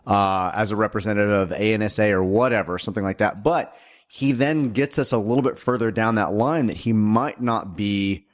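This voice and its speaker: A man co-hosting a podcast in casual chat, analytical and quick to agree. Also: lowish voice. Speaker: podcast co-host.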